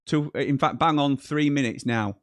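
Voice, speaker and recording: A man's voice: fairly high pitch, normal speed, dry recording. A man hosting a live football watchalong, chatting and reading out viewer messages between bits of commentary. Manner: chatty, reads out live chat messages, excitable at goals. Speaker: watchalong host.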